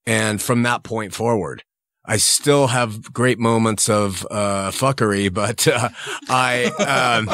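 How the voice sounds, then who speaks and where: A middle-aged man, a guest in a studio interview, speaking frankly and relaxed. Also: fairly low pitch, slow, dry recording. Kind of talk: casual interview talk.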